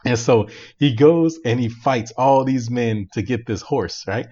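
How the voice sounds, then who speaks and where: A man co-hosting a podcast, casually retelling a movie plot in an animated way, laughing often and using many fillers. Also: medium pitch, measured pace, husky, dull audio. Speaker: podcast co-host. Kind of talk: casual chat, recapping a movie.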